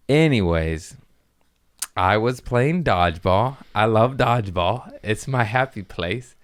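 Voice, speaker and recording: Man, low voice, smooth and resonant, casual comic storytelling, swears a lot, acts out quotes. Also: expressive, unhurried. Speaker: comedian podcast host.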